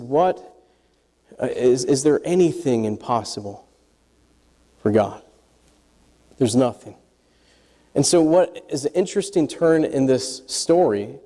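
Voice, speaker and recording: A man preaching a sermon to a congregation, animated and quizzing his listeners as he goes. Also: fairly high pitch, long reverb tail. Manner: animated, asks the congregation questions. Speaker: pastor.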